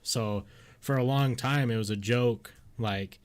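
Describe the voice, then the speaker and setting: A man's voice: medium pitch, unhurried, clear, resonant tone. A man co-hosting a podcast in loose casual chat, swearing and laughing often. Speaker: podcast co-host.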